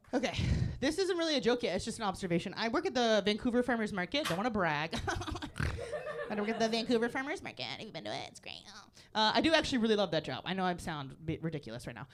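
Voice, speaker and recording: A young woman performing a live stand-up set, animated and giggly, jumping to squeaky high voices when she acts out the kids. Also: noisy background. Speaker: stand-up comedian. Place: comedy club stage.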